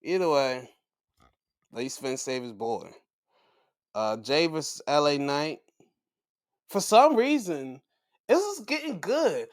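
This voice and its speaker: Animated, profane male podcast host. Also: slow, long pauses, smooth. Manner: animated, profane, acts out quotes in a high voice. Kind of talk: casual wrestling recap.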